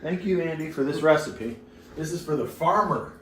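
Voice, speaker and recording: A man's voice: fairly high pitch, expressive, normal speed. Man, co-host, casual cocktail demo, rambling asides, home farmhouse, faint background noise.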